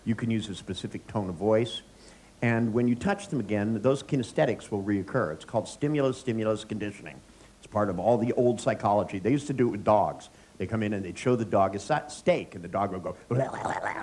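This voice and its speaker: A man's voice: on the low side, a little mellow, slightly rough. A middle-aged man, a therapist, giving a live seminar lecture, joking, telling anecdotes and quizzing the audience. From United States.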